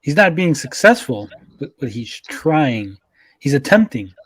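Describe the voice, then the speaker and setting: A man's voice: mid-range voice, big pitch swings, unhurried, husky. Guy on a gaming panel arguing his case, jokey, talks over ppl. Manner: joking, argumentative. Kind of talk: casual chat.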